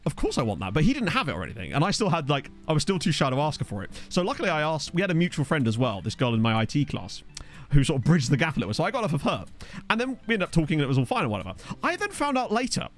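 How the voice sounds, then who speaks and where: A man's voice: on the high side, big pitch swings, rapid-fire. A young man, streaming a football management game and chatting to viewers in a rambling, self-mocking way. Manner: rambling, self-mocking storyteller with frequent laughs. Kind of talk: casual gameplay chat with chat readers. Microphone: desktop USB mic.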